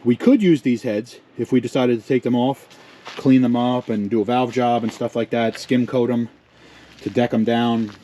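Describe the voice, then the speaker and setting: A man's voice: mid-range voice, steady tone, normal speed, dark tone. A man in his thirties talks through a casual garage vlog on the camera mic, rambling and poking fun at himself. He sounds a little winded, with a faint hiss of noise behind him. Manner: joking, self-mocking, rambling. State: out of breath. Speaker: channel host. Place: home garage and shed.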